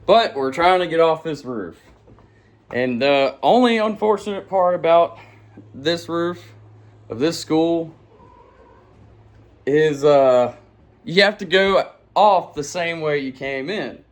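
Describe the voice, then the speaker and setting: A man's voice: fairly high pitch, expressive, slow, long pauses. A man telling a long story to camera in a casual, rambling, slangy way, with chuckles between lines. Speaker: channel host and storyteller. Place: at home with pets nearby.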